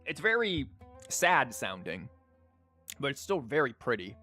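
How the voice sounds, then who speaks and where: Brief: male streamer, mid pitch, rambling casual commentary, voice worn from a sore throat, soft music behind. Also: very animated, measured pace, long pauses. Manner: chatty, rambling with fillers. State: sore throat, losing his voice. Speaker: streamer and teacher. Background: game music.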